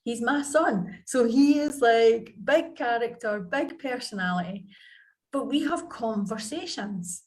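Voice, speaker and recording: With a voice on the high side and a measured pace, a woman tells stories about parenting during a video-call interview. She's a parenting coach on as a podcast guest, and she keeps it chatty and anecdotal, acting out what family members said.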